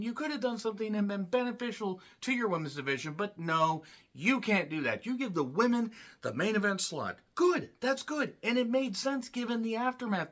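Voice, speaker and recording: A man giving a blunt, profane solo review of a wrestling show, ranting and clearing his throat often. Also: very high-pitched, fairly bright tone.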